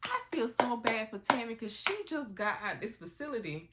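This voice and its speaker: Amid heavy background noise, a recap vlogger with a higher-pitched voice talks at normal speed through a TV episode. She's recovering from a cold but stays animated and gossipy, throwing in slang and performed quotes in her casual commentary.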